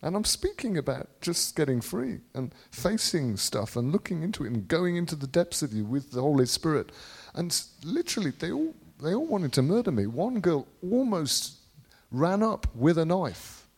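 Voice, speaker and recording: A British man preaching a charismatic sermon, rambling and repeating phrases, dropping to low musing then breaking into sudden shouts. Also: big pitch swings, moderate pace, husky. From Britain.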